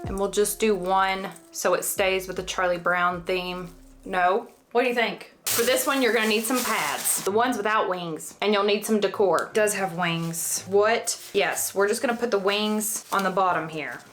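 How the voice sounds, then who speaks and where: A woman's voice: mid-range voice, fairly bright tone. Chatty woman with a Southern twang. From Southern United States. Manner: joking, rambling asides, stumbles on words. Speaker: DIY craft vlogger. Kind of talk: casual chatty crafting vlog. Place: bathroom.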